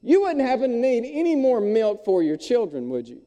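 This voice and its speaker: A man's voice: very high voice, wildly swooping pitch, normal speed, dark tone, in a large hall, pitched above the performer's own voice, heavily acted. A man voicing a crusty, angry old milkman whose cart broke down, stammering in agitation. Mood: grumbling, agitated.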